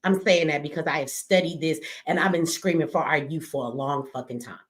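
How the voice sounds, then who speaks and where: A middle-aged woman, a streamer and commentator, speaks low and fairly quick on a livestream. She preaches at her audience with blunt, profane, impassioned commentary.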